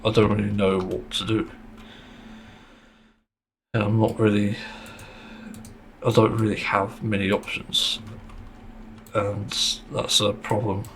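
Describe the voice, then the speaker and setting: A man's voice: on the low side, flat delivery, takes it slowly, pauses often, fairly bright tone, slight background noise. A man hosting a casual solo podcast monologue, speaking bluntly and frankly, with plenty of swearing and the odd sarcastic aside. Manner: sarcastic at times. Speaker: podcast host.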